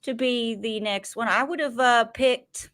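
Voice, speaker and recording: A woman's voice: fairly high pitch, a little slow. A woman with a Southern American accent, co-hosting a casual reality-TV recap podcast and acting out quotes playfully. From Southern United States. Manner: animated, playful, acts out quotes. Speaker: podcast co-host.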